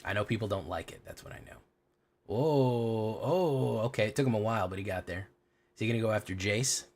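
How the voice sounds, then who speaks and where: A man's voice: on the low side, fairly even intonation, very fast. Rambling man streaming a card game. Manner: rambling, talkative, answering chat questions. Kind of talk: casual gameplay commentary, chatting with viewers.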